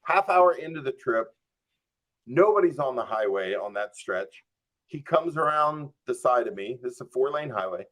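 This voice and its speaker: A man's voice: mid-range voice, normal speed. A man guest on a podcast telling a long anecdote, acting out his own thoughts and peppering it with "like.". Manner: animated, acts out his own quoted thoughts; frequent "like" and "I'm just like" fillers.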